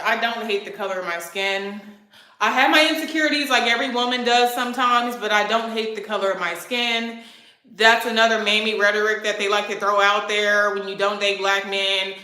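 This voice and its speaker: A woman's voice: mid-range voice, fairly even intonation, moderate pace, sharp tone. A woman in her twenties, a vlogger, ranting brashly and profanely at critics while answering viewer comments. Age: 20s. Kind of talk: heated livestream rant. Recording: echoey room.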